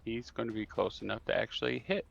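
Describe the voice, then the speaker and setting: A man's voice: fairly low pitch, fast, gravelly, a bit bright, highs cut off. A man running a tabletop game as dungeon master, calling out turns and damage.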